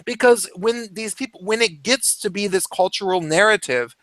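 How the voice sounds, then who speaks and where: A man's voice: high-pitched, moderate pace, a bit bright, dry recording. A man in casual opinionated chat who talks in a heated rush, swears a lot and restarts his sentences often. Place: home, cat nearby.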